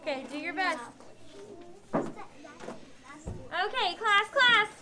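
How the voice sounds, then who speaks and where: Very high-voiced North Missouri woman teacher. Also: lively intonation, slow. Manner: firm, clear step-by-step directions to children. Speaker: elementary school teacher. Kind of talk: classroom spelling instruction. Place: classroom. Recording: classroom recording with background noise. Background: children in the class.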